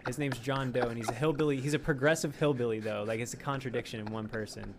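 A man's voice: medium pitch, steady tone, fast talker, a little hiss or hum. Laid-back, swearing male podcast host. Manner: laid-back, swears freely, eager reactions. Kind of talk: casual chat.

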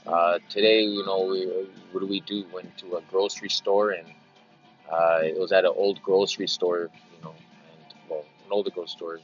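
A man with a low voice talks as a podcast host, drifting from story to story and repeating his phrases. The recording is dull and lo-fi, like a phone. Faint music plays underneath. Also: little pitch movement, moderate pace. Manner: meandering, repeats phrases, slips into silly greeter voices. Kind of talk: rambling casual monologue.

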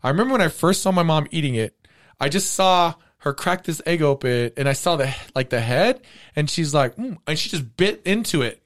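A man's voice: fairly high pitch, animated, brisk. A man telling a long personal story in casual chat, laughing often.

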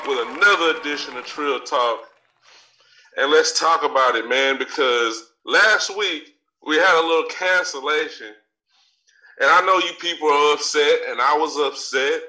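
A man doing a swaggering, foul-mouthed talk-show braggart who rants in a high voice and drawls his words out slowly. His ranting is caught from far off on a theater stage. A noisy crowd and a loud background hum sit under it. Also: heavily acted. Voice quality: profane, swaggering delivery. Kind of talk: live comedic stage rant. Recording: distant live recording with crowd noise.

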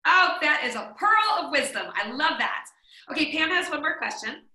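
An enthusiastic woman host with a high, very bright voice gushes over her guest's advice. She is heard in an echoey room. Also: animated, moderate pace. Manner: enthusiastic, effusive. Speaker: podcast host reading listener questions. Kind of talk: casual podcast chat.

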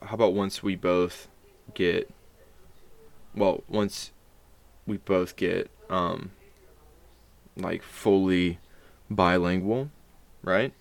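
Deep gravelly young man, hesitant. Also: steady tone, very slow, pauses often. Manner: easygoing, hesitant, drifting off mid-sentence. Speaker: podcast co-host. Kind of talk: casual chat.

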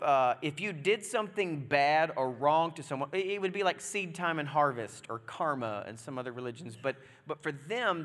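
A man preaching a sermon in a chatty, joking way, acting out the story with sudden loud exclamations. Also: fairly high pitch. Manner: animated, jokey, acts out scenes with loud exclamations. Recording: long reverb of a large hall.

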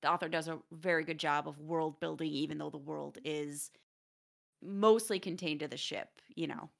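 Chatty young woman on a stream, low-ish voice with a bit of fry, laughs a lot. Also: normal speed. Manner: chatty, laughs often, lively. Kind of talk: casual chat on a stream.

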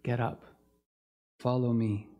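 A man's voice: mid-range voice, flat delivery, slow, dark tone. A man preaching a sermon in an earnest, reflective way, with some fillers and restarts. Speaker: pastor.

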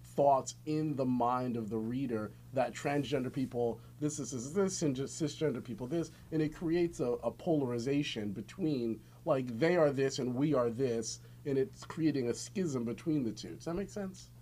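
Animated, joking man on a podcast. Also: mid-range voice, moderate pace, few pauses, slight background noise. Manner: animated, laughs often, jokes around. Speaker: podcast co-host. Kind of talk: casual podcast chat.

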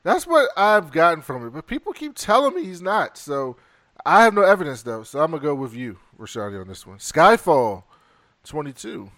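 A man co-hosting a casual movie review chat, reading off a list and adding quick casual opinions. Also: on the high side, very animated, fairly bright tone, no echo. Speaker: podcast co-host.

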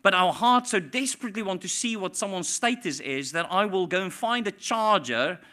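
Male pastor, slightly high voice, impassioned sermon delivery with big swings in volume. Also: normal speed. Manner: impassioned preaching, swinging from hushed to loud.

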